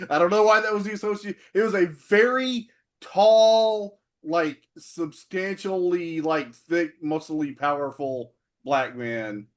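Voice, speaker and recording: A man's voice: high voice, slow. A man co-hosting a podcast, chatting casually and joking, laughing often and stammering at the starts of his sentences. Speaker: podcast co-host. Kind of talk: casual chat about classic wrestling.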